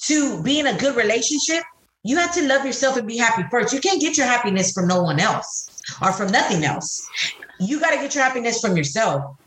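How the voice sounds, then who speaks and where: A woman's voice: fairly high pitch, fairly quick. A middle-aged woman co-hosting a podcast, talking bluntly and profanely in casual chat. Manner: blunt, profane, animated storyteller. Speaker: podcast co-host. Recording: echoey room.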